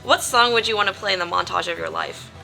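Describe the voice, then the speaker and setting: A woman interviewer running through rapid-fire questions at a quick clip, direct and to the point. Loud music plays under her voice. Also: medium pitch, huge pitch swings, gravelly, poor audio.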